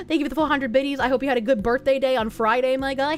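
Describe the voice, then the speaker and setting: A woman's voice: sits high, fast talker, hardly any pauses. A woman VTuber streamer chatting casually on a live stream and thanking donors, playful and bubbly with cutesy baby talk and sarcastic asides.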